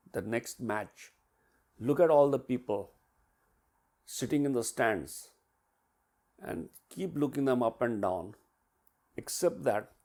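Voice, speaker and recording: Male business mentor, storyteller, voices swing widely in pitch and volume as he acts things out. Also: vocal fry. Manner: animated, acts out quotes and sounds with big swings in pitch and loudness. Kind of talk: storytelling coaching talk.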